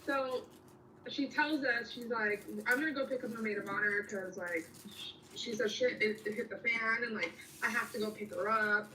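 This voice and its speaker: A woman's voice: fairly high pitch, normal speed, pushed and bright, echoey room, recorded from a distance, slight background noise, poor audio. A young woman telling a story in casual chat, rambling and slangy with lots of fillers.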